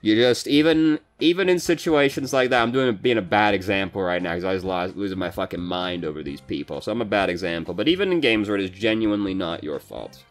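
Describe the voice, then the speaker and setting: A man with a deep, low voice gives casual gameplay commentary while coaching through a match. He talks loosely, swears freely and lets his frustration show. Faint guitar music plays quietly underneath. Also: lively intonation, fast talker, hardly any pauses. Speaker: gaming coach reviewing a match.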